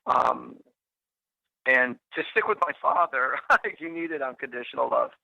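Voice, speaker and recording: A man's voice: mid-range voice, expressive, a little slow, creaky, bright, forceful tone, dry recording. A middle-aged man hosting a psychic radio show, telling personal stories in a rambling, casual way full of fillers and restarts. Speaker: psychic medium radio host. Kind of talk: casual storytelling on talk radio. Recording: lo-fi radio broadcast.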